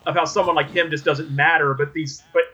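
A man co-hosts a casual film-review podcast, racing through a scene recap and acting out each line with animated energy. His voice is bright and a little tense, sitting slightly high for a man. The recording is dull and lo-fi. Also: a little fast. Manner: animated retelling, acts out quotes, frequent restarts. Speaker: podcast co-host. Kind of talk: casual movie review chat.

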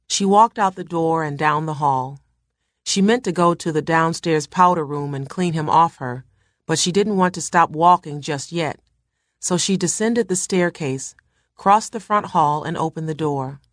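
A woman narrates a novel in a low, steady voice. The pace is measured, and she keeps the narration even. It sounds close to the mic in a dry space. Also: no echo. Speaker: reader. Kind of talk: reading a novel aloud.

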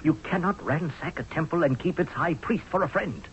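A man's voice: a little high, expressive, normal speed, slight background noise, natural voice. A man playing a blunt, sardonic army general. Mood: scornful. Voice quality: sardonic, forceful, pleading. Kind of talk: 1970s radio drama acting. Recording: dull lo-fi old radio broadcast.

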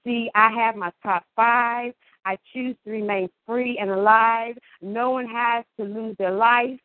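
A woman caller performing emphatic, playful spoken word on a call-in show, with deliberate delivery and wordplay. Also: a little high, steady tone, dry recording. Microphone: phone. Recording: tinny phone line.

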